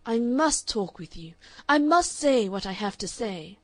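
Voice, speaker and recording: A woman's voice: mid-range voice, expressive, unhurried, no echo, natural voice. A woman reading a lovesick pleading man. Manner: urgent, pleading, emotional. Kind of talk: audiobook character reading.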